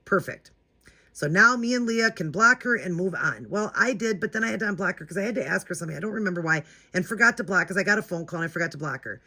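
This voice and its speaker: Fast-talking, bright-voiced woman vlogger. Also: lowish voice, expressive. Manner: chatty, indignant, talks to viewers directly. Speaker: doll-collecting channel host. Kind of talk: casual storytime vlog.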